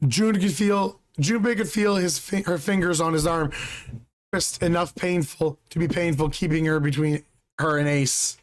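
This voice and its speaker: A slightly hoarse man hosting a channel, reading a game's story aloud at a steady pace. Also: a little high, moderate pace. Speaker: channel host reading a visual novel.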